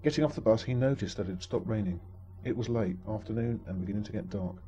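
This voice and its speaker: A man narrates a story with dry, wry humor at a quick clip. His voice is low and dark. The recording sounds dull and muffled. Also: faint music behind.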